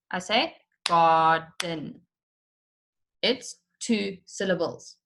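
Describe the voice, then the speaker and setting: A woman's voice: lowish voice, fairly bright tone. A woman teacher giving an online lesson for children, explaining step by step and stretching out words to show their syllables.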